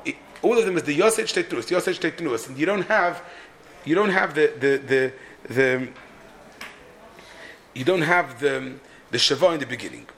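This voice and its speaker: Male Torah teacher, halting, repeats himself, slightly high voice. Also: a bit bright, a little hiss or hum. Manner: halting, many restarts and repeated words. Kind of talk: explaining a Hebrew poem's meter.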